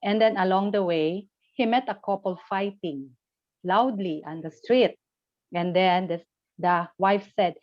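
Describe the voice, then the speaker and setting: A woman's voice: mid-range voice, a little slow, no room sound. Woman teacher, buddhist story lesson for kids, questioning, dry dull recording. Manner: questioning, gently instructive.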